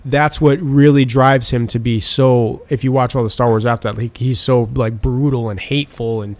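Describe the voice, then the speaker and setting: Man, casual chat, swears a lot, rambling, animated storyteller, mid-pitched. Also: normal speed, dry recording. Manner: animated retelling of film scenes.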